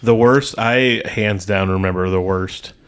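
A man's voice: lowish voice, unhurried, smooth. A man co-hosting a casual podcast chat, retelling secondhand stories with emphatic, rambling delivery. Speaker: podcast co-host.

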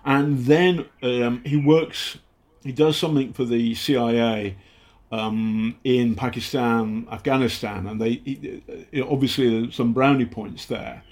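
A British investigative journalist telling stories in a casual interview, halting often and acting out the people he quotes. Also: mid-range voice, steady tone, darkish tone. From Britain. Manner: halting, many fillers and restarts, acts out quotes.

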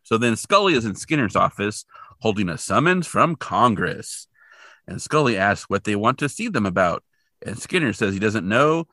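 A man co-hosting a podcast, recapping a TV episode in a jokey, animated way and slipping into quick character voices. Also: on the low side, no room sound, studio quality. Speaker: podcast co-host. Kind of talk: casual chat recapping a TV episode.

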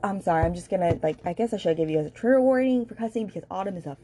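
A woman's voice: medium pitch, expressive, racing, mellow. A woman hosting a podcast and recapping a book in casual, gossipy chat, with lots of filler words and asides to her listeners. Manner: chatty and gossipy, heavy filler words, addresses listeners directly. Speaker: podcast host reviewing books.

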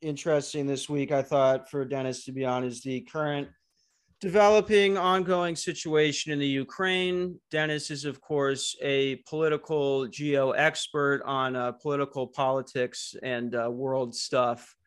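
Male podcast host from Arizona, mid-pitched, deadpan and crude, on a call. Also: a little slow, clear, resonant tone. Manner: joking, deadpan crude humor. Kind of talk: crude casual podcast banter. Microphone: online call.

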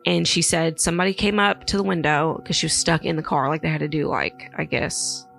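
A woman with a very low, gravelly voice retells eerie stories in a loose, rambling way. She fills her speech with "like" and "um" as she goes. Faint music plays under her. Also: fairly even intonation, a little fast, fairly bright tone. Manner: rambling, filler-heavy retelling. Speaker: podcast co-host. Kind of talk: casual chat, storytelling.

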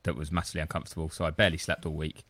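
A man's voice: a bass voice, flat delivery, rapid-fire, a bit bright, no room sound. A man co-hosting a podcast, telling long, rambling, self-deprecating stories in casual chat. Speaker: podcast co-host.

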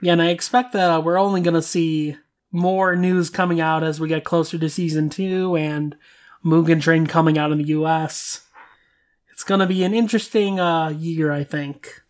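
Casting: mid-pitched podcast host, chatty and speculative. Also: fairly even intonation, normal speed. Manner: chatty, speculative, lots of fillers. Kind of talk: casual chat.

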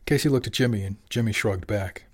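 A man narrating a serialized audiobook in a steady, even storytelling manner. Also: lowish voice, fairly quick. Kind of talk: scripted narration.

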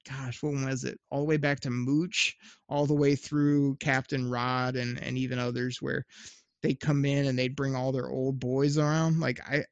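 A man's voice: medium pitch, creaky, no room sound, dull audio. A man co-hosting a podcast, chatting casually about football with frequent restarts and laughs. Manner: rambling, laughs often, many restarts. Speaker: podcast co-host. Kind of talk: casual sports chat.

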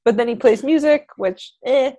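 Brief: woman podcast host, lively storyteller, acts out the dialogue. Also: fairly high pitch, normal speed. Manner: animated storytelling, acts out characters' lines. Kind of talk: casual movie recap chat.

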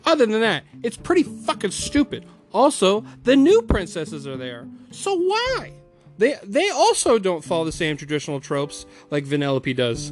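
A man's voice: high voice, sing-song, moderate pace, faint music behind. A man ranting angrily about a movie, swearing often and mocking the studio with put-on quotes. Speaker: film reviewer.

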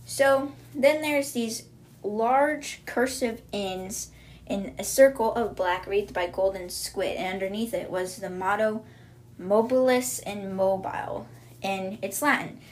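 A woman's voice: medium pitch, slow. A woman hosting a podcast, giving a casual recap of book chapters in a chatty retelling style, often stumbling over words and correcting herself. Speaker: podcast host.

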